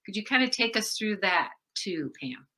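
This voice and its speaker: Woman interviewer, bright tone, gentle and sympathetic, laughs easily. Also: medium pitch, very animated. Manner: warm-hearted, quick to laugh, sympathetic. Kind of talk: conversational interview.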